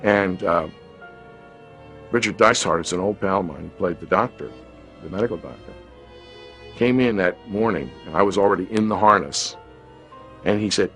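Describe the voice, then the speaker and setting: A man in his fifties, an actor telling a reflective, unhurried anecdote from a film shoot in an interview. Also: lowish voice, a bit bright, faint music behind.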